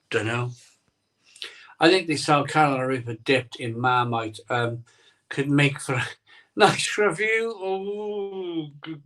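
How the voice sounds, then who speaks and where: A man's voice: a little high, a bit bright, far from the mic. A middle-aged man hosting a casual live stream, rambling and sentimental, reading chat comments aloud. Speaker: host of a live beer-drinking stream.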